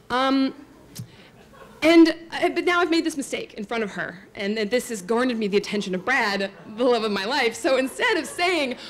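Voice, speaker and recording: A woman's voice: high voice, expressive, normal speed, fairly bright tone. A woman telling a true story on stage to an audience, chatty and self-mocking, full of likes and asides to the crowd.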